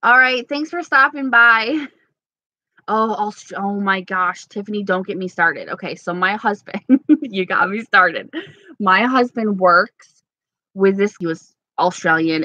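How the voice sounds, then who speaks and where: Bright, bubbly New York woman. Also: mid-range voice, no echo, dull audio. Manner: bubbly, giggly, rambling. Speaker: beauty vlogger. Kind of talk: casual live chat reading comments.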